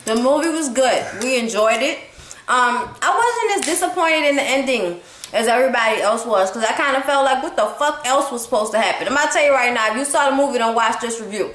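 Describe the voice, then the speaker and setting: A woman's voice: fairly high pitch, a little fast. A woman giving a casual, blunt and profane movie review at home, chatting with a partner. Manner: blunt, profane, animated storytelling. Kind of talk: casual chat. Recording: echoey room.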